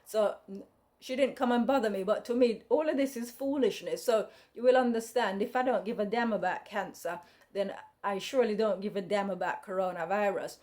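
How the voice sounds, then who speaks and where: A woman's voice: mid-range voice, a little fast, a little mellow. Blunt woman rambling frankly. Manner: blunt and outspoken, rambling with many restarts. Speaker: podcast host. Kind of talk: casual personal monologue.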